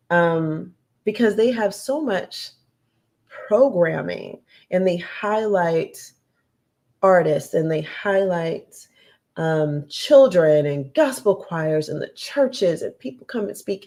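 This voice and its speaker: Woman, talk-show host, casual monologue, lowish voice, emphatic repeats. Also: darkish tone. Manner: chatty, addresses listeners as "y'all", emphatic repetition.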